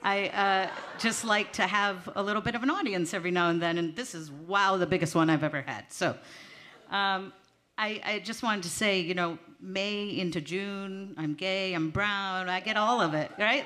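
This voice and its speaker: A woman's voice: medium pitch, normal speed, sharp tone, slight background noise. A woman doing a stand-up comedy set on a small theater stage, talking in a chatty, self-mocking and slightly nervous way into a stage mic. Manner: nervous, chatty, laughing at herself. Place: small theater stage before a live audience. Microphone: handheld stage mic.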